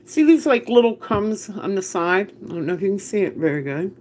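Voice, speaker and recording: A woman's voice: medium pitch, animated, brisk, darkish tone, a little hiss or hum. A woman hosting a casual live cooking stream from her home kitchen, chatty, laughing often and greeting viewers by name. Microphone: phone camera.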